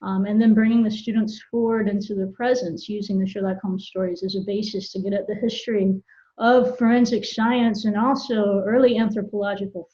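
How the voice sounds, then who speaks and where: A woman from Florida speaks as a guest professor over a video call, articulate and easygoing with quick laughs. Her voice sits mid-range, and the call audio sounds a little dull. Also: mid-range voice, dark tone. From Florida, United States. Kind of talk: casual video-call interview.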